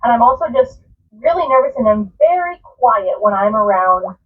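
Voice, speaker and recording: A woman's voice: on the high side, animated, normal speed. A woman telling a personal story about a hard family encounter, with an earnest, emotional manner. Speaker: storyteller in reacted clip. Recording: tinny phone-like sound from a distance.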